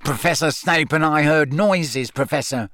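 A fussy old school caretaker, as a male narrator puts him on, rushing to tattle. His voice climbs higher than the reader's own and speeds along. The sound is dry and close. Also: a bit bright, no room sound, lightly acted. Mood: eager.

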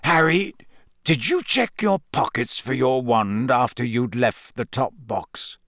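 A man's voice: medium pitch, lively intonation, fairly bright tone, no room sound, studio quality. A man reading aloud, voicing a grave, brooding adult man who mutters thoughtfully in a storybook. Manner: muttering, measured.

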